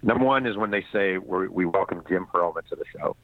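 A very low-voiced man heard over a thin, phone-like line, with dry sound and no room. He tells stories with animation, slipping into voices for the people he quotes. A guest author reading from his book. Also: fast, no room sound. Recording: tinny phone-line audio.

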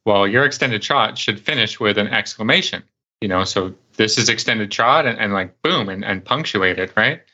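Male co-host, halting and repetitive, forceful sharp tone, dull lo-fi sound. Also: fairly low pitch. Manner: halting, repeats words. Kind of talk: casual radio show chat.

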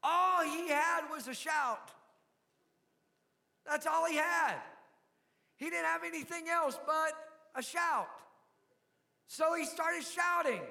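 A man's voice: very high voice, slow pace, vocal fry, long pauses. Man preaching in a reverberant hall. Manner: storytelling preacher, swings from soft asides to loud shouts. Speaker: pastor. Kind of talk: sermon.

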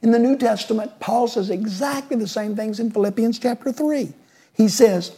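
A woman's voice: on the high side, moderate pace, mellow, husky. A woman preaching a sermon in an emphatic way, stacking up repeated phrases into building lists.

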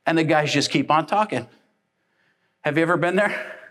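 A male pastor delivering a sermon in a high voice. He tells everyday family stories with lively energy and briefly plays the people in them. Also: moderate pace. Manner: animated storytelling, acting out family members.

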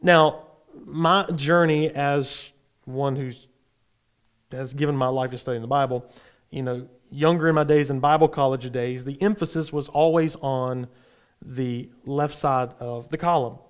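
A man teaching a Bible class, explaining in a relaxed, explanatory way with frequent fillers. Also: mid-range voice, a little slow, clean tone.

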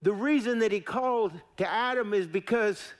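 A middle-aged pastor delivers a sermon in a fairly high voice. He preaches in a folksy, emphatic way, repeating phrases for weight and turning to the congregation with asides. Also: normal speed.

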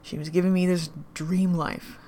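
An actress playing a drunk woman in an audio drama monologue, grieving and bitter, her voice shifting between whispers and louder outbursts. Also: lowish voice, level tone, normal speed, slight background noise, close to an everyday voice. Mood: angry.

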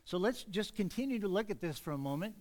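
A man preaching an earnest sermon in church, speeding up when he gets excited. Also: high-pitched, fast talker. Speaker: pastor.

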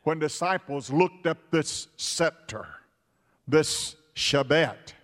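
A man preaching a sermon with an emphatic, repetitive cadence that now and then bursts into shouts. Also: fairly high pitch, animated, slow. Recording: long reverb of a large hall.

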